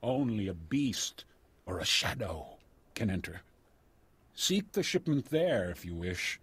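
An actor voicing a solemn alien tribal chief in a video game, speaking in a halting, formal way with a husky voice. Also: male voice, lowish voice, sing-song, fairly bright tone, no echo, heavily acted.

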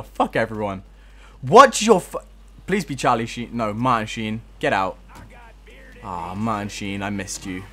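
A man's voice: mid-range voice, fairly bright tone. A young man giving casual gameplay commentary, frustrated, swearing a lot and laughing at himself.

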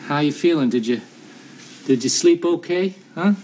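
A man's voice: fairly high pitch, lively intonation, moderate pace, a little mellow, a little hiss or hum, natural voice. An actor playing a folksy man tenderly coaxing an injured partner in a 1970s TV soap.

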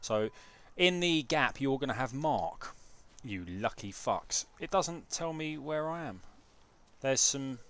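A man's voice: mid-range voice, expressive, slow, a bit bright. Chatty, sweary man streaming a game. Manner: chatty, sweary, jokey, talks to chat while fiddling with setup. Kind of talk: casual live gameplay commentary. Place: home room with PC setup.

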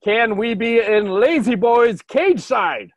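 A man hosting a casual podcast over a video call, talking in an excitable, profane and jokey way. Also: extremely high pitch, slow, dry recording. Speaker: podcast host.

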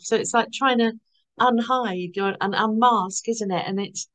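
A woman hosting a podcast, chatting casually and warmly agreeing with her guest, often ending points with "isn't it?". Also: on the high side, unhurried, poor audio. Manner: warm, agreeing, ends points with tag questions. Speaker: podcast host. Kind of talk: casual conversation.

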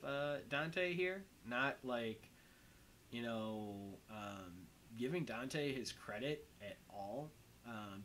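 A man's voice: mid-range voice, fairly bright tone, a little hiss or hum, low-quality recording. A young man giving casual movie commentary as host, rambling and full of "um" and "like.". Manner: rambling, heavy on fillers like "um" and "like".

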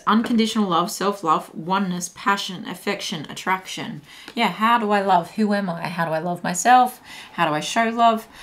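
A woman's voice: mid-range voice, a bit bright, slight background noise. A woman giving a casual tarot reading to camera who thinks aloud as she muses over the cards and often repeats phrases. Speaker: tarot reader.

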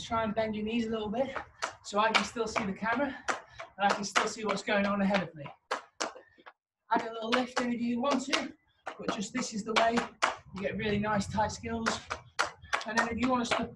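A man coaching a home hockey training session, upbeat and encouraging as he counts out reps, out of breath from the exercise. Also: sits high. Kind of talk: home workout instruction. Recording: steady background noise.

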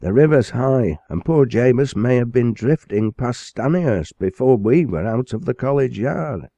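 A man's voice: mid-range voice, expressive, moderate pace, warm tone, no room sound, muffled recording, voice pushed up. A man voicing an earnest male schoolmaster and librarian in a storybook reading, speaking urgently. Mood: sorrowful.

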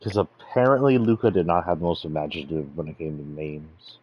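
A man's voice: a bass voice, fairly even intonation, fairly quick, lo-fi sound, a little hiss or hum. A man casually commenting while streaming a game, with wry, self-mocking asides. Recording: faint game music behind.

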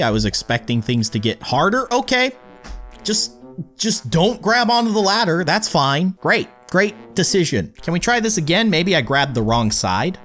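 Excitable lively-voiced male gamer. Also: mid-range voice. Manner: excitable, frustrated pleading with the game; cheers on a teammate. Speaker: gaming YouTuber. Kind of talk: let's-play commentary.

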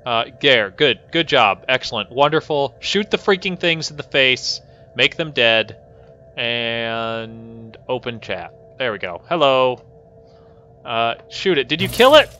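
A man's voice: mid-range voice, animated, slow pace, sharp tone, dull audio, soft background music. A man streaming a colony-building game, commenting live and scolding his characters in exasperated outbursts. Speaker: gaming host.

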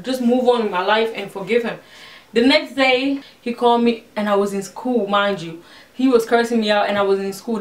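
A young woman casually telling a personal story as a vlogger, acting out the conversations she quotes. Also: mid-range voice. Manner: chatty, retells conversations with quoted voices. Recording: roomy, a little distant from the mic.

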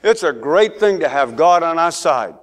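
High-voiced man preaching a sermon. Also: animated, normal speed. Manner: preaching, calls for amens, rises to emphatic peaks. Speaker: pastor. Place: church sanctuary.

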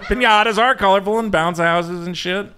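A man's voice: sits high, moderate pace, pushed and bright. A man co-hosting a comedic talk show, joking goofily and laughing often. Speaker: podcast co-host. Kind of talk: comedic banter on a live show. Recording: live audience audible.

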